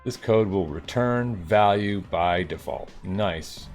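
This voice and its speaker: Low-voiced guy live coding on stream, goofy put-on new york twang, bam sound effects, faint music in the back. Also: slow, darkish tone. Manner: playful, reads instructions aloud, jokey asides and sound effects. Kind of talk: casual live-coding commentary.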